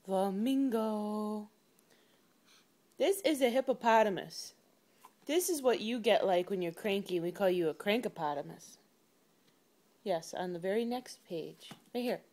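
A woman's voice: medium pitch, expressive, normal speed, darkish tone. A woman reading a picture book to her toddler at home, in a playful sing-song baby talk full of animal noises. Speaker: parent.

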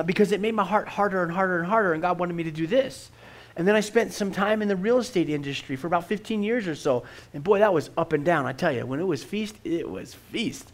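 In a church, a middle-aged pastor delivers a sermon with earnest conviction. His voice sits on the higher side, and he frequently repeats words when beginning a sentence.

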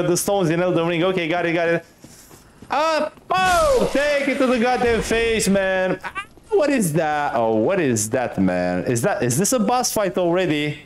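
A man commentating his first play of a game, excitable, laughing often and swearing casually at enemies. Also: sits high. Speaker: gaming streamer.

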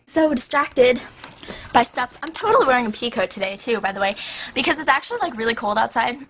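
Young woman vlogger, bright and hyper, rambling chat, slightly high voice. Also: very animated, quick pace, breathy edge. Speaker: YouTuber. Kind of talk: casual vlog chat.

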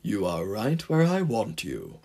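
A man's voice: medium pitch, normal speed, mellow, close to an everyday voice. A man voicing a sly, scheming male diesel engine who oozes oily, ingratiating charm in a fan audiobook.

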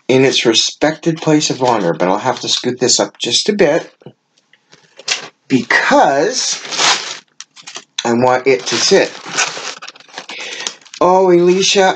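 With a low-pitched voice and some background noise behind her, a woman who runs a card-making channel gushes through a casual unboxing of crafting gifts a friend mailed her. She is effusive, gasping and exclaiming over every item.

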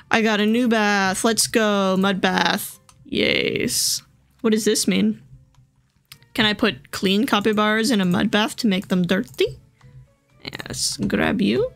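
Excitable woman streamer, slow delivery with some fry; dry close mic, soft game music underneath. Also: mid-range voice, dry recording. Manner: gushing, excitable, gasps and squeals. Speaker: gaming video host. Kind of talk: casual gameplay commentary. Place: home room.

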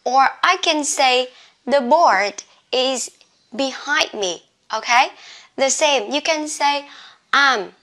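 A woman's voice: fairly high pitch, fairly bright tone. A woman teaching an English lesson, spelling words out letter by letter. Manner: slow, spelling out letters one by one. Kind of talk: classroom lesson. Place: classroom with a board.

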